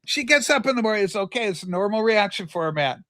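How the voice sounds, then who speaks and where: An older man from Canada, co-hosting a casual livestream and telling a rambling story with lively asides. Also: sits high, fast, no room sound. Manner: animated, jumps between asides and acted quotes. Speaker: livestream co-host.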